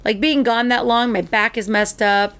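Woman co-host, slightly high pitch, animated storyteller, casual chat. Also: normal speed. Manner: animated storyteller, acts out quotes.

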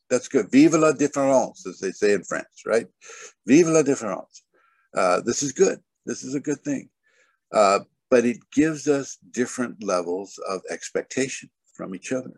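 Man, spiritual teacher, low voice, rambling, video call, dry sound. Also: darkish tone, breathy edge, no echo. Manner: rambling, full of "you know" and "okay". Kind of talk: spoken online teaching.

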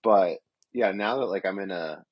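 A man's voice: low voice, normal speed, slightly rough, no echo, lo-fi sound. A young man hosting a casual podcast, rambling and profane. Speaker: podcast host.

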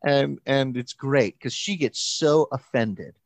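A man telling a camp story in a casual chat, mid-pitched and close to the mic. He talks in an animated, halting way, restarting his sentences and slipping into quoted voices. The room is dry, with no echo. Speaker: pastor and camp counselor.

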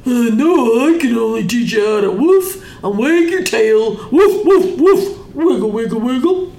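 A woman's voice: a little high, lively intonation, measured pace, warm tone. A woman voicing friendly storybook farm animals in a cheerful, singsong and playful way. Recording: echoey room.

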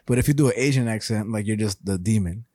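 A man's voice: fairly low pitch, fast, darkish tone, dry recording, clean studio sound. A young man co-hosting a podcast, chatting casually in slangy banter and laughing often. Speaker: podcast co-host. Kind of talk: casual chat.

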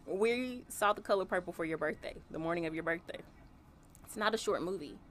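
A woman's voice: lowish voice, a little fast, fairly bright tone. A woman co-hosting a casual podcast, speaking bluntly and candidly about her own needs. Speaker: podcast co-host. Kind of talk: casual chat.

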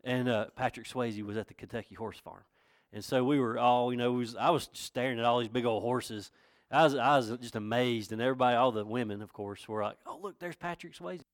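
With a Southern accent and a medium-pitched, fairly even voice, a North Carolina pastor preaches briskly in church. He keeps it folksy and conversational until he rises to emphatic questions. The recording is dry, with clean studio sound.

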